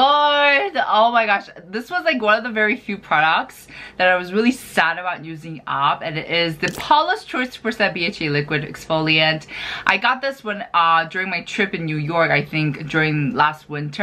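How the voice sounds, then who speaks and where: A woman vlogger chatting casually about skincare products she has used up, animated and full of fillers. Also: lowish voice. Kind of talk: casual product review chat.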